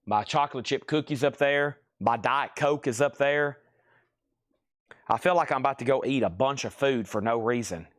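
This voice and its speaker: A man in his record store runs a live-stream sale, calling out titles and prices in a quick sales patter. His voice sits in a plain middle range and sounds tired and worn from hours of talking. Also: medium pitch. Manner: rapid auction-style calling of items and prices, chatty asides.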